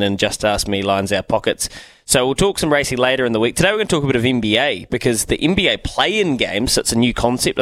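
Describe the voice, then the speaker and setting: A man's voice: medium pitch, fairly bright tone, no room sound. A man hosting a morning radio show, upbeat as he runs through the lineup. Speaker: host.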